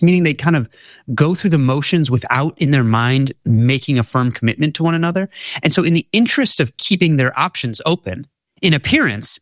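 An articulate male author being interviewed, telling stories and explaining ideas at an even middle pitch. His voice is recorded close and dry. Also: no echo. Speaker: author and guest. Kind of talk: conversational interview.

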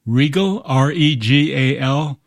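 A man acting as puzzle master on a radio show, reading clues in a measured way and spelling words letter by letter. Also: medium pitch, dry recording, clean studio sound. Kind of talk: radio quiz hosting.

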